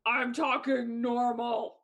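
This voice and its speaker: A woman playing in a tabletop game, chatting in an animated, playful way. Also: a little high, slow, noisy background. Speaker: player. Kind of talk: casual tabletop play.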